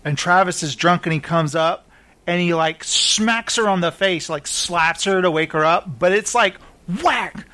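A man with a notably high voice talks through TV episodes in a loose, chatty way. He laughs often and keeps the flow casual. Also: moderate pace, sharp tone. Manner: chatty, laughing, retells scenes with quoted voices. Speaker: podcast host. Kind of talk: casual chat about TV shows.

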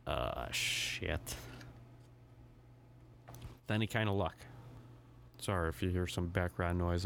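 A man's voice: on the low side, slight background noise. A man hosting his own podcast, rambling through a casual, profane solo rant with a self-deprecating edge. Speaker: podcast host.

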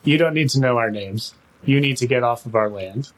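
A man's voice: mid-range voice, fairly quick, lightly acted. A man voicing a blunt, threatening male bandit guarding a river crossing in a tabletop game. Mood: hostile. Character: curt male river bandit, hostile and terse. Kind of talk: tabletop role-play in character.

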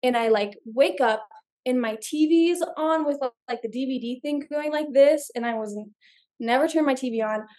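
A young woman tells her story as a podcast guest, her voice sitting a little high. She talks in an animated, chatty way and fills her sentences with little filler words. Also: normal speed. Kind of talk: casual storytelling.

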